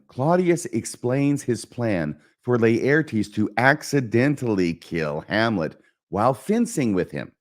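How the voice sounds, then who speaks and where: A low-voiced man hosts a literature lesson, walking through the verse line by line with lively, animated intonation.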